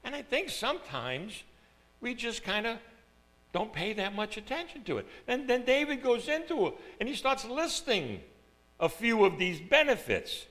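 Lively, bright-voiced male preacher. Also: very high voice, moderate pace. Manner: conversational preaching, swings from soft asides to loud emphatic scripture. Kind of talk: sermon.

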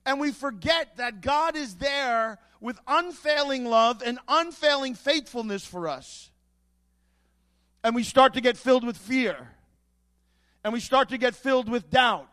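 A man's voice: very high-pitched, a bit bright. A man preaching a sermon as pastor, emphatic, building his points with repeated rhetorical questions.

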